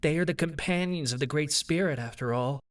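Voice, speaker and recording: A man voicing a wise male animal familiar in an audiobook, speaking in a measured, earnest way. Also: on the high side, far from the mic, pitched above the performer's own voice, lightly acted.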